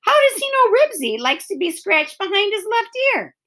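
A woman reading aloud and voicing a young boy who teases his friends in a high, excited voice. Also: moderate pace, full character voice. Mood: puzzled. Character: cheeky young boy, teasing then worried.

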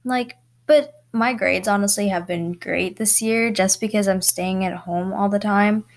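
Recording a casual solo podcast in her bedroom, a teen girl wanders from topic to topic, dropping lots of fillers and small giggles. She speaks a little slowly in a mid-range voice with fairly even intonation.

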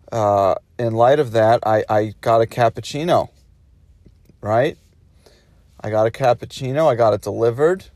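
A man's voice: lowish voice, warm tone, no room sound. Rambling man talking in his car. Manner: rambling, wry, many fillers. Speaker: podcast host. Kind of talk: casual solo chat. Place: in a parked car. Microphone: phone.

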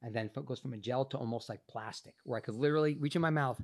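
Gravelly, profane male storyteller. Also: medium pitch, rapid-fire. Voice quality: voice changed by illness. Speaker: actor, podcast guest. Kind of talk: casual podcast interview storytelling.

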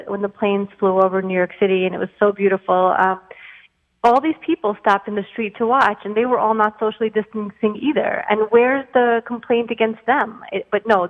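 A woman writer talks over the phone as a guest on a radio show, pointed and exasperated. The line is tinny and thin, with a long reverb behind her voice. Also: medium pitch. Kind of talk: phone interview.

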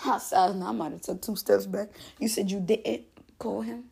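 A woman's voice: mid-range voice, fairly even intonation, normal speed, creaky, mellow, breathy edge. A woman in her twenties hosting a podcast, telling a story in a loose, profane, casual monologue. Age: 20s. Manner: loose, profane, laughs often. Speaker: podcast host.

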